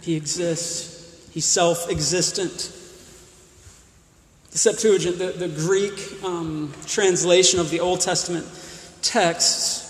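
Guy preaching slow and emphatic, kinda high voice, big echoey hall. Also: fairly even intonation. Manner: emphatic, repeats and restarts words, rises in pitch when stressing points. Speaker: pastor. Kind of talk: sermon. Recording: roomy hall with long reverb.

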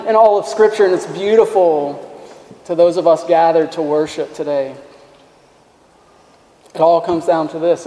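Slow, earnest preacher in an echoing hall. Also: male voice, on the high side. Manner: earnest, emphatic preaching with quiet asides. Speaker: pastor. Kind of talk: sermon. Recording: echoey hall with long reverb.

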